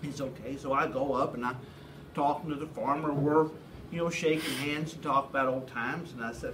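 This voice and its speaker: A man telling a folksy, animated anecdote in a casual way. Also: medium pitch, normal speed, distant mic, noisy background. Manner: folksy, animated yarn-spinning. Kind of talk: anecdotal storytelling.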